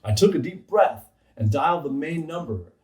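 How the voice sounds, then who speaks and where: Lively, wry comic storyteller, a man. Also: on the high side, normal speed. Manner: playful and wry. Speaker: comedian telling a story. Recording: roomy, distant mic. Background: faint background music.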